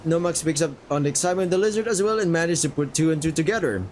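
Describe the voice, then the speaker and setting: A man streaming a story game, narrating it casually with quick asides. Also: fairly high pitch, darkish tone, slight background noise, rough recording. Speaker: streamer reading a game aloud.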